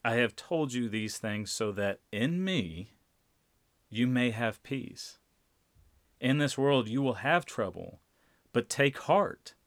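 A man preaching a sermon, speaking deliberately and repeating key phrases for emphasis. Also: mid-range voice, animated, no room sound, studio quality. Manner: slow, deliberate, emphatic repetition.

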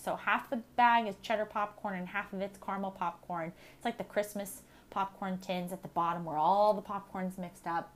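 A young adult woman chats alone on her podcast, rambling quickly from one thing to the next. She talks fast, pokes fun at herself, and keeps an easy, casual tone throughout. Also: medium pitch. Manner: chatty, fast-talking, self-deprecating. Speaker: podcast host. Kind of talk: casual solo podcast chat.

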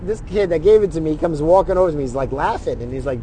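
A man's voice: a little high, animated, fast, noisy background. A middle-aged man telling a story in a casual, profane way, acting out what other people said in his own voice.

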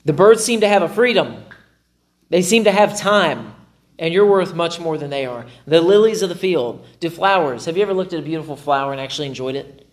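His voice on the high side and his pace brisk, a male pastor gives an animated sermon to a live congregation, often voicing his inner monologue with self-mocking humor.

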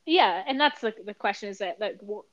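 A woman's voice: medium pitch, expressive, brisk, highs cut off. A woman co-hosting a podcast, talking things through in a supportive, reasoning way with frequent "like". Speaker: podcast co-host. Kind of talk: conversational podcast chat.

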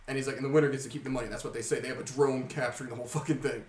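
Animated, swearing young man, off mic. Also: mid-range voice, very fast, recorded from a distance. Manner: animated storyteller, heavy swearing, laughs often. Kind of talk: casual chat. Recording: roomy sound from off mic.

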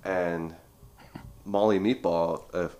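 A man in his twenties, a podcast guest, telling lively stories in casual chat with lots of "like.". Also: low-pitched, slow pace, a little hiss or hum. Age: 20s. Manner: lively storyteller, heavy filler "like".

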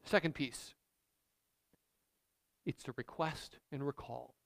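A man's voice: medium pitch, slow pace, gravelly, fairly bright tone. A man preaching a sermon as pastor, speaking in an emphatic, conversational way.

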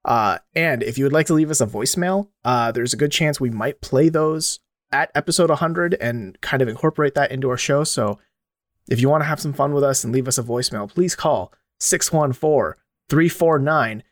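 A man's voice: mid-range voice, animated, moderate pace, no echo. Podcast host guy, upbeat and playful, dry close sound. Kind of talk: casual podcast chat.

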